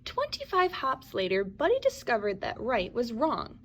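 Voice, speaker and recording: A woman teacher reading a children's story aloud in a warm, expressive way, recorded on a home webcam or phone. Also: on the high side, moderate pace, slight background noise.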